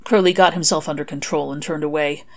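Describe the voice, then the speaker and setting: A woman reading her own story aloud as a narrator, in an even, measured way. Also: low-pitched. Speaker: author reading her fanfic. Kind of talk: audiobook narration.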